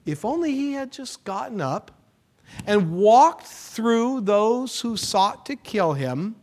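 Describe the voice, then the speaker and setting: A man preaching a sermon as pastor, with dramatic swings between hushed lines and loud, emphatic ones. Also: high voice. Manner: dramatic preaching with sudden hushed drops and rises.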